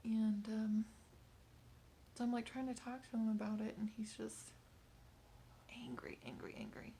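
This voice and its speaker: A woman in her thirties recounting a hard evening with her son in a personal video diary, speaking softly and haltingly, often close to a whisper, and tearful at times. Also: on the high side, little pitch movement, vocal fry, slight background noise. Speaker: mother.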